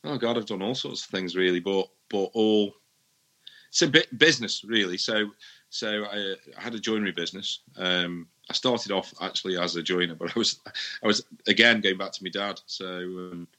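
A man speaking as an interview guest, with a very low voice. His tone still has a crisp brightness to it. He talks easily, circling back over words as he gathers his thoughts. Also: moderate pace. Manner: relaxed, repeats words while thinking. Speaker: musician guest. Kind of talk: casual interview chat.

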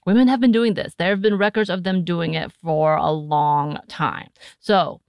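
An American woman co-hosting a podcast in a casual chat, animated and laughing often, recorded close to a studio mic. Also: lowish voice, normal speed, gravelly, smooth, no room sound. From United States. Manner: chatty and animated, often laughing, breaks into put-on voices. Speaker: podcast co-host.

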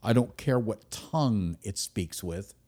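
A man giving a speech to an audience, emphatic, with sudden loud stresses and drops to a near-whisper. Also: on the low side, expressive, a little slow, slightly rough. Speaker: speaker.

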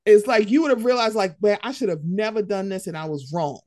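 A woman co-hosting a podcast, ranting in heated casual commentary, animated and profane. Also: mid-range voice, fairly quick, no echo, clean studio sound.

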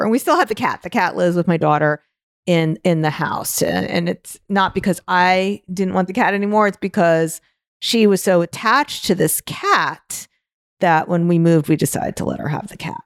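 A middle-aged woman hosting a solo podcast, telling personal stories in a chatty way with animated restarts. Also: fairly low pitch, dry recording, clean studio sound. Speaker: podcast host.

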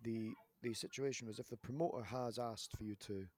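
A man in his thirties hosting a podcast, telling long rambling stories with animated restarts in a casual chat. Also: medium pitch, a little fast, no echo. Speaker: podcast host, wrestler.

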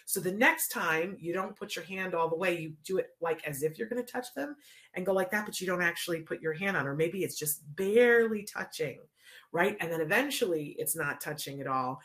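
A woman with a somewhat low, relaxed voice explains a teaching method in plain, casual speech. She walks through everyday examples and keeps checking that the listener is following. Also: moderate pace. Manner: chatty, checks in with "right?".

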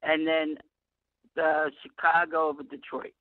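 A man's voice: on the high side, completely flat delivery, measured pace, no room sound. An older man calling in to a talk show, rambling and friendly, often mixing up his picks, heard over a phone line. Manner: rambling, friendly, mixes up games. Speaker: caller. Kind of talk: phone-in chat.

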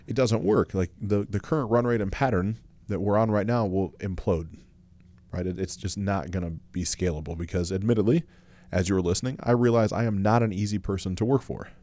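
A man's voice: fairly low pitch, a little fast, mellow, no echo. A man co-hosting a podcast with his wife, talking bluntly and casually, owning his faults and swearing now and then. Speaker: podcast co-host.

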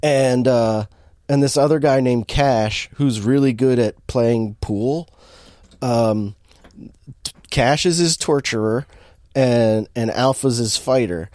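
A man talking casually, rambling through a story with many fillers and restarts. He sounds amused, and his voice is picked up close with a dry sound. His pitch sits in the middle range. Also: slow pace, a little mellow, no echo. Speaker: podcast co-host recapping a movie. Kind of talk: casual chat.

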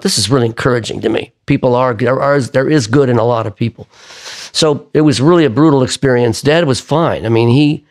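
An older man telling a long story in a casual, rambling way, often restarting his sentences. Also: mid-range voice. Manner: rambling, self-correcting raconteur. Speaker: singer-songwriter guest.

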